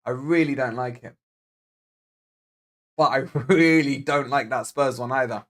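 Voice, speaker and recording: Hosting a football fan channel's live watch-along, this man, born in Scotland and speaking with a Scottish accent, jokes around casually and answers viewers' comments as they come in. He talks at a medium pitch and an unhurried pace.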